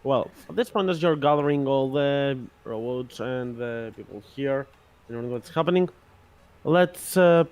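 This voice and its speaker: A man running a tabletop role-playing session as game master, narrating in a measured way with frequent pauses. His voice sits at a middle pitch. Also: darkish tone, clean tone.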